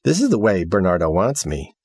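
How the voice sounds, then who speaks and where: A man voicing a gentle, lonely female AI house in an audiobook, speaking softly and politely. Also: deep voice, sing-song, a little fast, slightly rough, dry recording, studio quality, exaggerated voice. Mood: sweetly eager.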